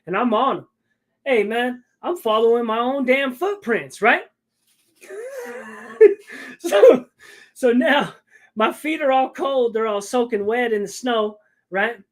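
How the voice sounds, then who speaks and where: A man's voice: extremely high pitch, measured pace. A man telling a long story in casual chat, rambling and stopping often to check in with the listener. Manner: rambling, keeps checking in with "right?".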